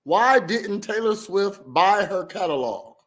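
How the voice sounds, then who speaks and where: Halting male reaction host. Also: sits high, expressive, fairly bright tone. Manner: halting, many fillers and restarts. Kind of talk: casual reaction commentary.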